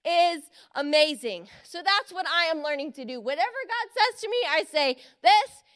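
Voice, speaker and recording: A young woman preaching a sermon, earnest and encouraging, drawing out key phrases slowly. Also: extremely high pitch, expressive, sharp tone. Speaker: speaker giving a Christmas message.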